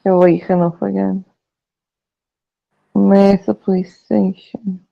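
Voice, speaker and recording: A woman's voice: mid-range voice, level tone, slow pace, creaky, lo-fi sound. A woman in a casual voice chat, teasing and coaching a friend on how to say place names. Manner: laughing, teasing, coaching pronunciation. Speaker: chat participant.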